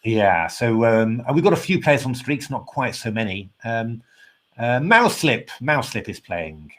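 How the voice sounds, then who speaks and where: A man's voice: medium pitch, big pitch swings, unhurried. A man giving casual live chess commentary, thinking aloud with lots of fillers and hesitations, polite and self-deprecating, sounding tired and yawning.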